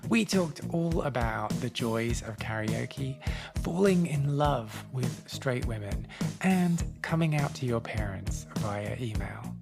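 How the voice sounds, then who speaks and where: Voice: mid-range voice, expressive, slow pace, gravelly, over loud music. A podcast host asking chatty, teasing follow-up questions in a casual interview.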